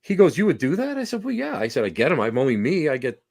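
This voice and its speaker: A man's voice: on the high side, fast. A man, a podcast guest, telling anecdotes in casual conversation and acting out the people in them. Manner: animated, acts out voices in anecdotes.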